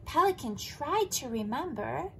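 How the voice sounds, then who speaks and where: A woman teacher reading a picture book aloud to children and explaining it in a lively way. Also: sits high, unhurried, vocal fry, slight background noise, rough recording. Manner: animated, explaining to kids.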